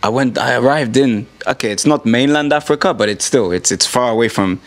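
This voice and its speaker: A man hosting an easygoing conversation. His tone is reflective and earnest as he shares his experiences, and his voice sits at a medium pitch. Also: brisk. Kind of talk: casual chat.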